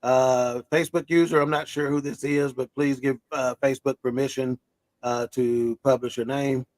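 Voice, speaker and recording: Male host, casual and teasing, mid pitch, dry call audio. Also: flat delivery, moderate pace, a little mellow, dry recording. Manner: easygoing, teasing, many fillers. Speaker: live show host reading viewer comments. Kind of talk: casual live-stream chat. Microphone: live stream video call.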